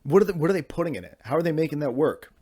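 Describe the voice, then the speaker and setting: A man's voice: a little high, expressive, rapid-fire, dark tone, slightly rough, dry recording. A young man in his twenties hosting a podcast, telling a rambling comedic story full of restarts and swearing. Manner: rambling and exasperated, with many restarts and profanity. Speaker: podcast host. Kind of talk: casual comedic monologue.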